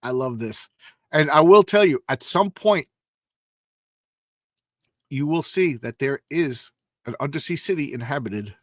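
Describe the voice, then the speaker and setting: A man's voice: fairly high pitch, animated, measured pace, pauses often, fairly bright tone, dry recording, clean studio sound. A man hosting a casual comic book reading show, talking with enthusiasm, rambling and often stumbling over his words. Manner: enthusiastic, rambling, stammering restarts.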